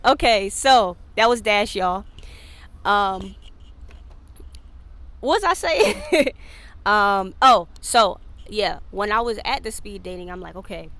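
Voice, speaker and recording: A woman with a mid-range voice hosts her podcast solo, speaking slowly with long pauses. Her casual chat is candid and full of swearing and laughter, and she acts out quoted speech with real energy.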